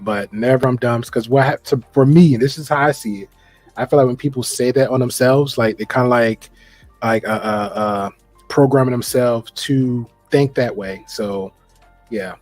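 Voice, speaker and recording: A man in casual podcast conversation, talking in a relaxed slangy way with lots of restarts and fillers. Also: mid-range voice, moderate pace, dry recording, soft background music.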